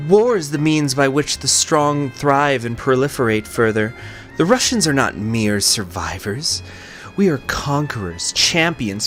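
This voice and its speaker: A fervent, paranoid autocrat's journal, read out slowly and gravely by a man in his own voice. The delivery is measured and weighty, with faint music underneath. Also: medium pitch, natural voice. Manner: slow, solemn reading aloud. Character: zealous, paranoid male Russian autocrat writing a journal. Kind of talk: reading in-game text aloud.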